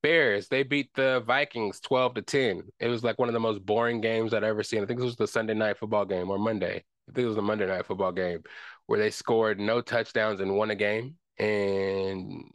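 A man's voice: on the low side, fairly even intonation, normal speed, dry recording. A man hosting a podcast, ranting in a casual, rambling way, cursing and circling back on himself. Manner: frustrated, rambling rant with cursing. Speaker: podcast host. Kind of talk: casual sports talk.

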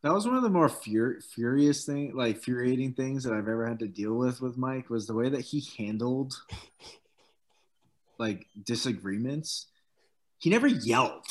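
A relaxed man in his thirties recounts old training days in loose, casual conversation. He swears freely and laughs his way through the stories. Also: mid-range voice, normal speed. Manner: laid-back, swears freely, laughs while telling stories. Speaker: former pro football player, guest. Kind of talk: casual storytelling chat.

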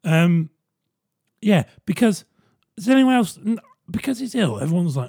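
Man, podcast host, husky voice, slightly high, sardonic and rambling. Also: sing-song, moderate pace, warm tone. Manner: rambling, sardonic, swears freely. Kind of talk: casual solo podcast monologue.

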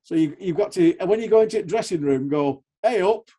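Interviewer guy, kinda high voice but mellow, jokey questions. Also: animated, quick pace. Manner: friendly, teasing questions. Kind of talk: casual interview.

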